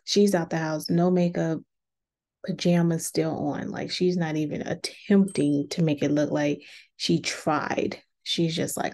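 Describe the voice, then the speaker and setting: Chatty woman host with a dark, gravelly voice for a reality TV recap. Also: deep voice, a little slow. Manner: chatty, acts out quotes in a lively voice. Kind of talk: casual recap commentary.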